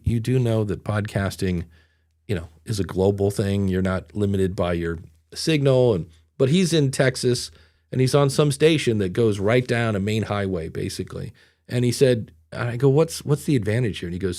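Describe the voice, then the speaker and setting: A man's voice: medium pitch, a little mellow. A middle-aged man hosting a podcast, telling stories in a rambling, self-deprecating way. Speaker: podcast host. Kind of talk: casual podcast chat.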